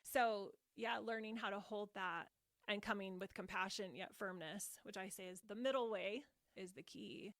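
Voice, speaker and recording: Expressive woman with a dry close sound. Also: mid-range voice, moderate pace, no room sound. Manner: expressive, emphatic, laughs easily. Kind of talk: podcast conversation on parenting.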